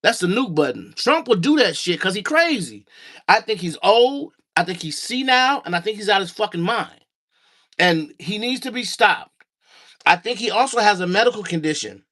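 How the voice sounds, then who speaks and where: This man's high, sharp voice swings widely in pitch at a normal speed. He hosts a laid-back livestream from his home basement, heard through room sound with no mic, talking with his chat and his dog while a bit winded.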